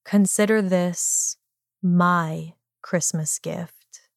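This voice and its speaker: A woman reading fan fiction aloud, voicing a possessive young man lover with a steady, low-key delivery. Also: slow, no room sound, studio quality.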